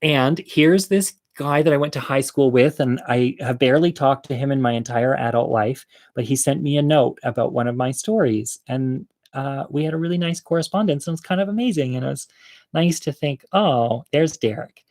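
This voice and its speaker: A man telling a funny personal childhood story on his video channel, animated and acting out the voices of the people in it. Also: medium pitch, a little fast. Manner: animated, acts out quoted voices, laughs often. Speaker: storyteller vlogger.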